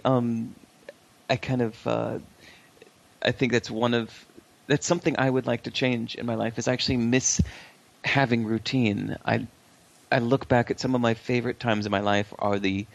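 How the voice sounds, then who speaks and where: A man speaking as an interview guest, relaxed and reflective, often pausing to think mid-sentence. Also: lowish voice, creaky, dull audio. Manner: relaxed, reflective, many fillers and restarts. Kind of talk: conversational interview.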